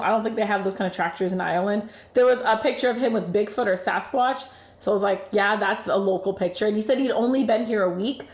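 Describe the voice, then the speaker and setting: A young woman telling a story casually to the camera, animated and chatty, swearing freely and laughing often. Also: mid-range voice. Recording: echoey room.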